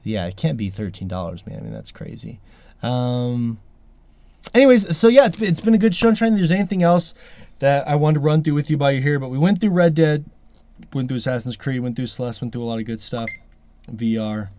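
A man's voice: medium pitch, very animated, brisk, dark tone, no echo. A man hosting a podcast in casual chat, talking emphatically and grumbling with frustration. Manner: emphatic, exasperated, sweary. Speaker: podcast host.

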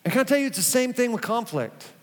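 A man preaching a sermon as pastor, animated and conversational, with playful asides. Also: very high-pitched, quick pace. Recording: long hall reverb.

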